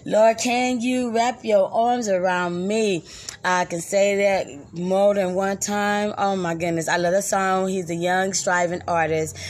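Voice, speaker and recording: A woman's voice: mid-range voice, steady tone, unhurried. A woman hosting a live music podcast in loose, chatty talk, laughing easily. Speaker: radio podcast host. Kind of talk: casual live show chat.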